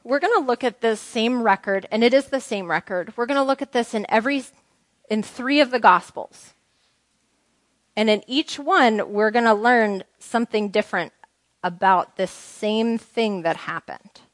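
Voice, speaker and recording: A Bible teacher whose voice is a little high talks at normal speed, informally teaching a group by reading scripture aloud and asking questions. The recording is close and dry, without echo.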